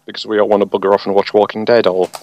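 A man's voice: on the low side, little pitch movement, racing, highs cut off, slight background noise. A man hosting a podcast, chatting casually in a wry, jokey way. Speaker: podcast host. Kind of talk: casual chat.

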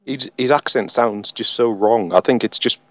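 A man's voice: mid-range voice, normal speed, a bit bright, dry recording. A man hosting a podcast, chatting casually in a wry, jokey way. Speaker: podcast host. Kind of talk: casual chat.

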